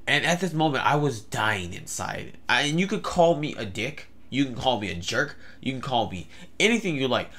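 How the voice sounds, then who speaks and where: A man's voice: medium pitch, big pitch swings, normal speed, a bit bright. A young man telling a story in a rambling vlog, with many fillers and stammered restarts. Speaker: vlogger.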